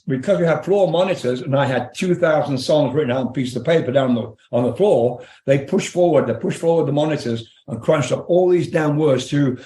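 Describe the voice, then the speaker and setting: A man's voice: a little high, dark tone, roomy sound. An older English man, a rock singer, candidly telling profane stories in an interview, laughing as he goes. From England. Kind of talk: storytelling interview.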